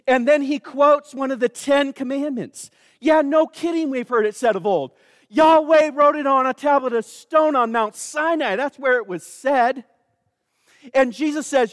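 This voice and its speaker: High-voiced preacher giving an emphatic sermon. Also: male voice, expressive, a little slow, dry recording, studio quality, long reverb tail. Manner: emphatic, calls on the congregation.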